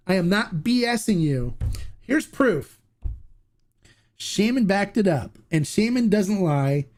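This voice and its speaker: A man hosting a casual tequila review livestream, excitable and chatty, laughing often and restarting his sentences. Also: high voice, slow, pauses often.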